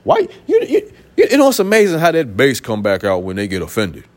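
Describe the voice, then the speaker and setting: A man's voice: mid-range voice, huge pitch swings, a little fast. A man preaching a sermon from the pulpit, emphatic and colloquial, repeating his points and firing off rhetorical questions. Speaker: pastor.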